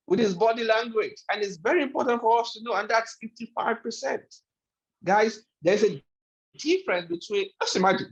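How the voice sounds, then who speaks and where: A man with a fairly high voice delivers a motivational training talk, stressing and repeating his main points. The recording is echoey and a little dull, as if made in a bare room. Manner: emphatic, repeats key phrases. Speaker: webinar trainer. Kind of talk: motivational lecture.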